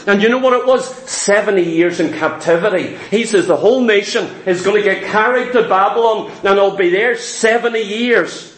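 Guy preaching hard, real high voice, keeps asking the crowd questions, echoey church room. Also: fairly bright tone. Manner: fervent, rhetorical questions, quotes opponents mockingly. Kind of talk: sermon.

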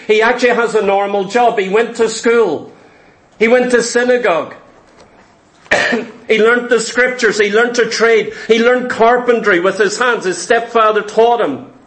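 High-voiced man preaching emphatically. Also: fairly bright tone. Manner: emphatic repetition, rhetorical questions; clears throat often. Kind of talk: sermon.

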